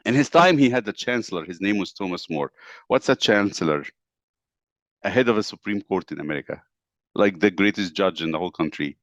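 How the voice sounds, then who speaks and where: Low-voiced male teacher telling history. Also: a little fast, dry recording. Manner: animated storytelling, asks the class questions. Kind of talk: classroom history lesson.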